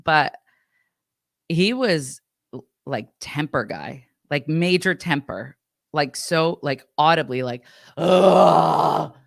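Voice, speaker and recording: Lady podcaster with a low voice rambling through a story, dry close sound. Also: slow, no room sound. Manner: rambling, animated, acts out quotes. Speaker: podcast co-host. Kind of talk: casual storytelling chat.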